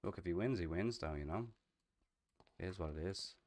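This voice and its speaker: A man's voice: low-pitched, fairly quick, darkish tone. A young Dublin Irish man chatting casually and rambling while streaming a roleplay game, swearing freely. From Ireland.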